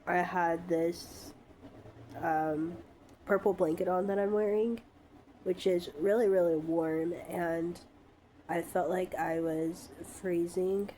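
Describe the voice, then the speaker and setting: Congested woman, slow halting vlog talk. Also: on the low side, steady tone, dark tone, slight background noise. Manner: halting, with frequent ums. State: stuffy, congested from a cold. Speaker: vlogger. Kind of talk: casual vlog update. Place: her bedroom.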